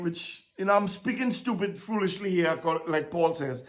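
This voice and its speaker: A woman preaching a sermon, teaching from scripture in a slow, emphatic way. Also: fairly low pitch. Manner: emphatic, rising and dropping sharply, slow deliberate preaching.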